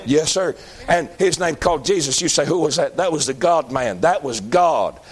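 A man's voice: fairly high pitch, expressive, normal speed. A man preaching a sermon in a folksy, emphatic manner.

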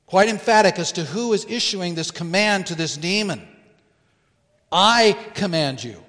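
A man preaching a sermon as pastor in a church, earnest and deliberate, pausing to stress key words. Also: high-pitched, fairly bright tone, in a large hall. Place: church sanctuary.

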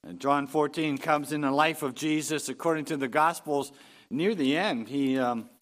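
A man preaching a sermon, reading scripture aloud and rising in pitch and force on key phrases. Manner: unhurried preaching, swelling louder and higher on key phrases. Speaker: pastor.

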